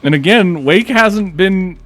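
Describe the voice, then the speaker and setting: A young man with a high-pitched, expressive voice speaks slowly while hosting a gaming channel, casually commenting on the game he's playing and reacting aloud. He has the hiccups throughout, and game music plays in the background.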